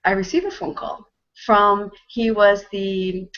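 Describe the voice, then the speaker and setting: A woman's voice: mid-range voice, slow pace, fairly bright tone. A woman from Canada, host and storyteller, telling a personal story in an earnest, emotional way with frequent restarts. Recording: dull lo-fi audio.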